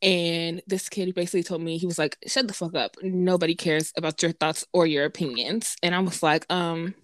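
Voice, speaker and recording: A woman's voice: on the low side, little pitch movement, normal speed, no room sound. A young woman co-hosting a casual podcast chat, playful and blunt, laughing often. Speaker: podcast co-host.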